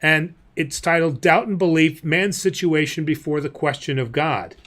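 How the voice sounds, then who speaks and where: Chatty man with a high voice. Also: moderate pace, a bit bright. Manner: chatty, laughs easily, many fillers and restarts. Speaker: priest hosting a Q&A livestream. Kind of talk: casual livestream teaching.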